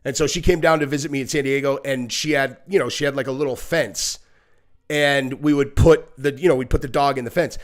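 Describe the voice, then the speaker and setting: A man hosting a casual live reaction stream, talking bluntly and profanely in long rambling stretches full of fillers, and now and then shrieking in a high voice to act out kids and dogs. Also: steady tone, fairly quick. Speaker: podcast host.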